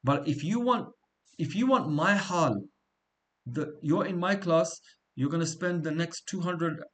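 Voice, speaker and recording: A man's voice: on the high side, measured pace, a bit bright. A middle-aged man teaching a class in an informal, conversational way, often checking in with "right?" and repeating himself as he talks. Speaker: seerah teacher.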